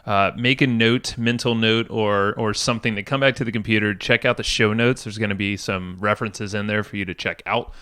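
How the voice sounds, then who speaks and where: Chatty low-voiced male podcast host. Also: steady tone, a little fast, hardly any pauses, bright, forceful tone, smooth, dry recording. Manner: loose, chatty, laughs a lot. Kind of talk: casual podcast chat.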